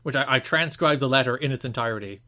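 A man co-hosting a podcast in casual chat, laying out his points at length with a steady, mid-range voice. He is analytical and drops in the odd mild curse. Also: mid-range voice, fast. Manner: long analytical explanations, mild swearing. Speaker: podcast co-host.

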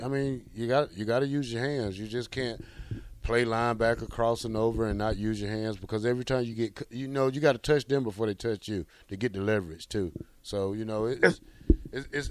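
A man's voice: mid-range voice, a little hiss or hum. A man talking football technique in a plain, practical coaching way during a casual show. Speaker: football analyst. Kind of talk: casual sports talk.

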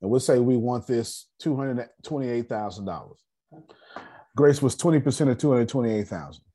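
A man hosting a casual personal finance class on a video call, slangy and animated, talking straight to his group. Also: mid-range voice, moderate pace, husky.

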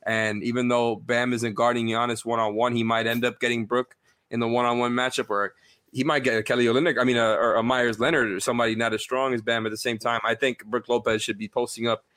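A man's voice: medium pitch, level tone, fast, fairly bright tone, dry recording. Brief: male co-host, analytical sports talk, dry close sound, restarts a lot. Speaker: podcast co-host. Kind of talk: casual sports chat.

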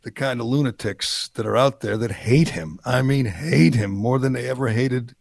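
A man's voice: mid-range voice, normal speed, vocal fry, a little mellow, no echo. A man co-hosting a political talk show, riffing sarcastically with frequent restarts. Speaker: radio show co-host.

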